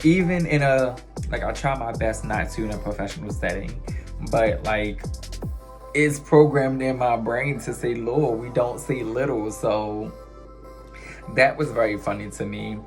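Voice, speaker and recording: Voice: medium pitch, a little slow, soft background music. A non-binary vlogger with a Baltimore accent, chatting playfully and straight to viewers in a casual vlog. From Baltimore, USA.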